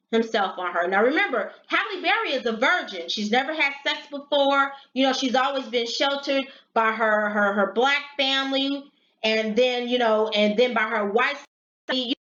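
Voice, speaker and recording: A middle-aged woman telling a story and giving blunt, profane advice in casual vlog talk. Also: fairly high pitch. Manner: blunt and profane, animated retelling. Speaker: vlogger giving advice to sex workers. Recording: echoey room, dull lo-fi sound.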